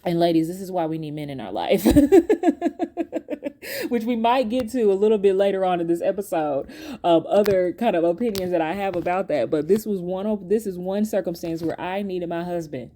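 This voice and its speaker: Chatty woman host with a mellow voice. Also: on the low side, moderate pace, slight background noise. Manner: chatty and animated, laughing often, talking straight to the audience. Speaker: podcast host. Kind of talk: casual storytime to viewers.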